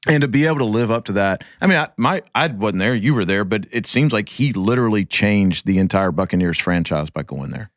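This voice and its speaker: A man hosting a podcast, asking questions in a relaxed, casual way with loose slang. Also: on the low side, fairly quick, few pauses, no room sound, clean studio sound. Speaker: podcast host. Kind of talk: casual interview chat.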